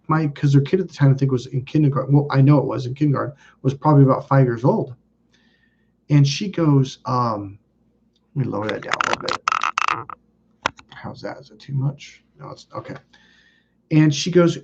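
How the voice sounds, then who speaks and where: A man tells a long, meandering story in a relaxed, chatty way, his voice slightly husky and a touch higher than most men's. When he quotes people he springs into excited, high-pitched exclamations. The audio is dull and lo-fi. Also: a little fast. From California. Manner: animated, acts out quotes with sudden high exclamations. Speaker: channel host. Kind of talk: casual storytelling monologue.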